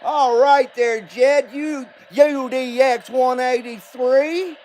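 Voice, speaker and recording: A man's voice: very high voice, steady tone, a little mellow. A man putting on a folksy Southern good-ol'-boy character for his listeners, drawling and hollering. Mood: folksy, hammy. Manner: slow, hammed-up drawl with hollers. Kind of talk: livestream radio banter.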